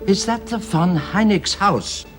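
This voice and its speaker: A courteous old gentleman talks formally and politely, stumbling into ums and uhs when flustered. His voice is mid-pitched and animated, set in a period radio drama with music running behind. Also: measured pace. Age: older. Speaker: grandfather of the household.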